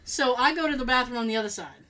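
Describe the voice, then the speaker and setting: A woman telling a long story in casual chat, animated and laughing as she acts out what people said. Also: a little high, quick pace, poor audio.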